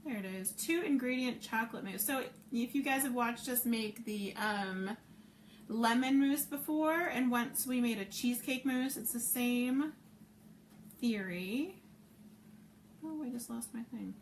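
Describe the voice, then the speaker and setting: A woman's voice: a little high, unhurried, recorded from a distance. A middle-aged woman chatting casually while cooking live at home, reading viewer comments and wandering off topic. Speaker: home cook hosting a live cooking stream. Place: home kitchen. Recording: echoey kitchen with background noise.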